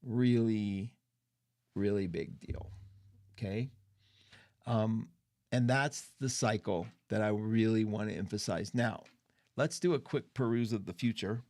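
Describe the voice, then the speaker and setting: A man's voice: fairly low pitch, a little slow, pauses often, darkish tone. A middle-aged man hosting an astrology show, talking casually, chatty and emotional, with strong opinions. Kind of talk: casual livestream talk.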